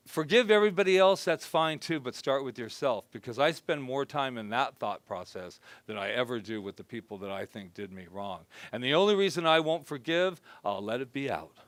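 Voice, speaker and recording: A man's voice: medium pitch, lively intonation, brisk, hardly any pauses, dry recording. Chatty joking male minister, dry sound. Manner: conversational and joking, softly acts out his own self-talk. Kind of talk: informal sermon. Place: spiritual center gathering before a congregation.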